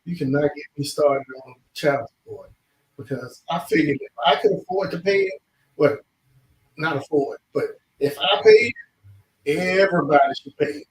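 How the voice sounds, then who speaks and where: A man's voice: a little high, moderate pace. A man chatting casually as a guest on a talk show, laid-back and blunt. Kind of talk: casual chat. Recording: roomy echo, distant mic, faint noise.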